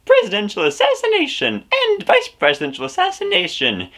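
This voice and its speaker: A man voicing a cheerful, manic game plumber hero in a strained, squeaky falsetto put-on voice. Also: huge pitch swings, fairly quick, a bit bright, heavily acted.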